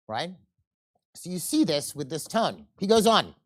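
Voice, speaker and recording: This conversational seminar lecture comes from a sales presenter with a casual manner and a voice of middling pitch, who keeps asking the room questions and slipping into side stories. The pace is unhurried, captured in a close, dry recording without echo.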